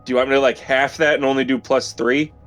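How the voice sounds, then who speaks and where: A man playing in a tabletop game, asking deliberate questions about the rules. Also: mid-range voice, little pitch movement, a bit bright, faint music behind. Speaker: player. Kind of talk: casual tabletop game chat.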